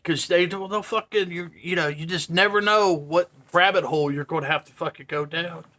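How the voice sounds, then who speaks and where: A man's voice: fairly high pitch, fairly quick. A man in his fifties telling a story casually to camera, swearing often and laughing. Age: 50s. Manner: profane, laughing, animated. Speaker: vlogger.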